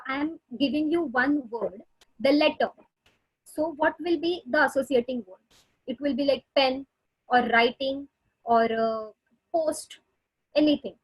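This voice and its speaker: A woman therapist lectures in a webinar, her voice high and bright above most. The sound is dry and close, as on a video call. She explains step by step, pausing on fillers and restarting phrases. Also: no echo, poor audio. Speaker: speech therapist presenter. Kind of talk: webinar lecture answering questions.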